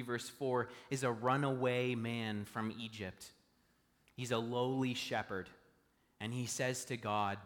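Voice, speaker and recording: A man's voice: medium pitch, fairly bright tone. Conversational male pastor in a reverberant hall. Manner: conversational, asks the congregation questions. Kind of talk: sermon. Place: church stage.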